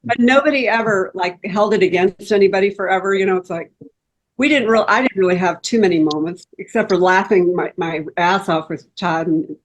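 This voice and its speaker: A woman's voice: mid-range voice, low-quality recording. Chatty woman reminiscing. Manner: chatty, halting, restarting her sentences. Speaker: actor guest. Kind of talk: casual reminiscing.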